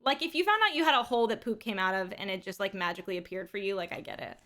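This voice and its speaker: A young woman streaming a game and chatting casually, telling rambling animated stories full of fillers. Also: mid-range voice, rapid-fire. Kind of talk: casual chat to stream while gaming.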